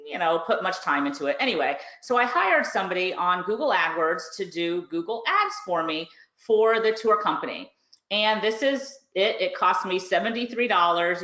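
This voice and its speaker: A chatty woman tells a story on a live webinar, acting out the calls in quick bursts. Her voice sits in the middle of the range. The audio is roomy and a little dull. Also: mid-range voice, pushed and bright. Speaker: course reviewer and online business host. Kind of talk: casual webinar talk.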